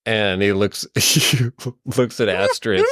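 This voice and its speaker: A deep-voiced man runs a tabletop game at an unhurried pace, wandering through his descriptions with plenty of ums and likes. His voice is close and dry, with no room sound. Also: fairly bright tone, no room sound. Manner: meandering, full of ums and likes. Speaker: game master.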